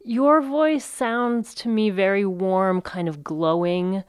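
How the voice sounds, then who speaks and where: A woman's voice: mid-range voice, takes it slowly, clear, resonant tone, dry recording. Curious woman interviewer, dry sound. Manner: curious, probing questions. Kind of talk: interview questions.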